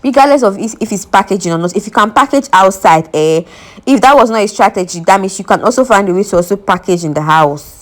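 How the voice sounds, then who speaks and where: A woman's voice: mid-range voice, lively intonation, quick pace. Nigerian woman, young adult, casual gossip vlogger, opinionated and chatty, mid-range voice. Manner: chatty, opinionated, reads out fan comments. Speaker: entertainment vlogger. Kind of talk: casual reality-show gossip commentary.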